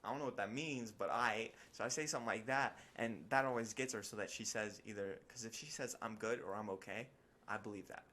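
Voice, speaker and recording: Young guy on a podcast, animated storyteller, does the voices when he quotes people, bit of faint noise. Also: brisk. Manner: animated storytelling, acts out quotes with big pitch jumps. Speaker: podcast co-host. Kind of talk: casual chat.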